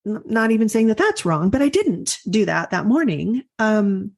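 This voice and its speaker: Gravelly-voiced woman coaching, earnest. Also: medium pitch, sing-song, darkish tone. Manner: earnest, personal storytelling with pauses and restarts. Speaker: life coach and podcast host. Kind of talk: reflective podcast monologue.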